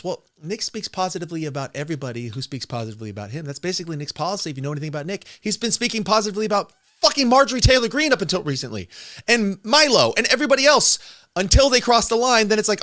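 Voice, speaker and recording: A man with a notably high voice delivers a heated, combative rant. He talks in an accusatory, profane way and hammers his points home. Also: expressive, brisk, bright, forceful tone. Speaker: streamer in an online debate.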